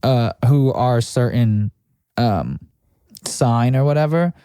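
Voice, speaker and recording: A man's voice: medium pitch, takes it slowly, warm tone, clean tone, no room sound, studio quality. A man co-hosting a podcast, explaining his views in a rambling casual chat, full of "like" fillers. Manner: rambling, explanatory, heavy use of "like". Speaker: podcast co-host.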